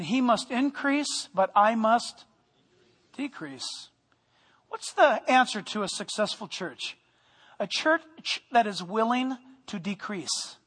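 A male pastor preaching a lively sermon to his congregation, joking with them and sometimes raising his voice. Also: extremely high pitch, long reverb tail. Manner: animated preaching with humor, sometimes loud. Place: church sanctuary.

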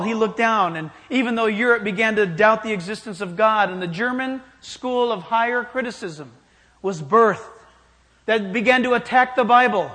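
High-voiced preacher in a reverberant hall. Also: male voice, fairly bright tone. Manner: emphatic, challenging the listener. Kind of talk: sermon.

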